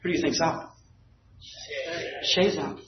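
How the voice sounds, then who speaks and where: A man telling an animated story to a recovery meeting group, building to shouts at the big moments. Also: measured pace, slight background noise. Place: meeting room. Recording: echoey room, distant dull mic.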